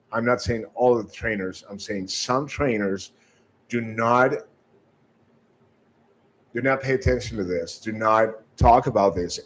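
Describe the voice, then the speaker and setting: A medium-pitched man, recorded in low quality, teaches sales callers as a sales trainer. He coaches with direct advice, regularly stumbling on repeated words and checking in with "right?".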